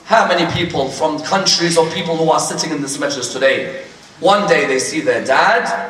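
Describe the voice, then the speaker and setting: A man's voice: fairly high pitch, a bit bright. Male lecturer, storytelling sermon, distant echoey hall with faint noise. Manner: storytelling, acting out dialogue. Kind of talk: religious lecture. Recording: echoey hall recorded from afar.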